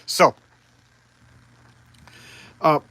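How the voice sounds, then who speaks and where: A man's voice: extremely slow, pushed and bright, no room sound. A man reviewing old comic books in casual chat, talking eagerly and rambling with frequent restarts.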